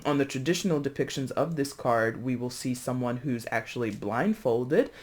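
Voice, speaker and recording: A tarot reader in a casual, chatty reading to camera, expressive and full of fillers and restarts, calling viewers friends. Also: mid-range voice. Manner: breezy, addresses viewers as friends.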